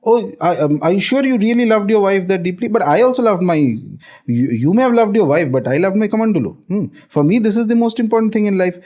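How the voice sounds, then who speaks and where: A man quoting a calm, wise immortal yogi with an Indian accent. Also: high voice, fast talker. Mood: gently probing.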